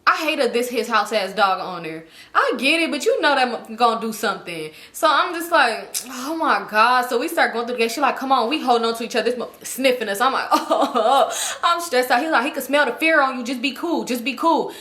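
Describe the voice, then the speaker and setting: A woman telling a story casually to her viewers, animated and profane, acting out the people she quotes. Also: a little high, fast talker, few pauses. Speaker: storytime YouTuber.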